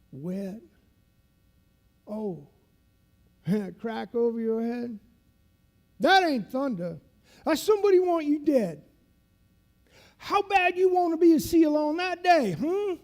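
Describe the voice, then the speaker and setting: A man voicing a grizzled older male Navy SEAL instructor with a gravelly voice, who talks in a slow, folksy drawl. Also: very high-pitched, darkish tone, voice pushed up, heavily acted.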